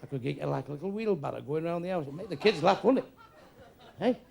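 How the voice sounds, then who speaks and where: This live club recording, with background noise, captures an older man doing stand-up crowd work on a comedy club stage. He ribs people in the audience in a blunt, crude way, speaking quickly in a fairly high, animated voice with vocal fry.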